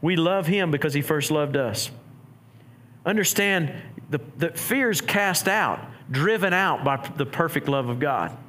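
A man's voice: fairly high pitch, animated, a little slow, fairly bright tone. A middle-aged man, a pastor preaching a sermon in a conversational way, often restarting his sentences.

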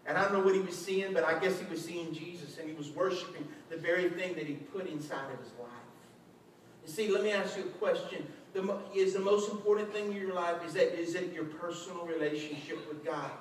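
Man, pastor, high voice, animated sermon, echoey church hall, distant mic. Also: brisk, slight background noise. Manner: animated, acts out quotes with shouts and laughs.

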